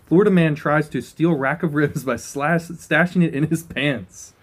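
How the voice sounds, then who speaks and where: A man's voice: a little high, normal speed, husky. A young man co-hosting a casual podcast, laughing a lot and reading odd news headlines aloud. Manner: laughing, playful, reads news items aloud. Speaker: podcast co-host.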